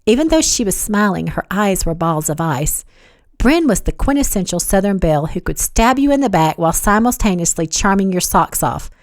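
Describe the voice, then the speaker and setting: A woman reading her novel aloud as audiobook narration, evenly and measured. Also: medium pitch, sing-song, no echo, clean studio sound.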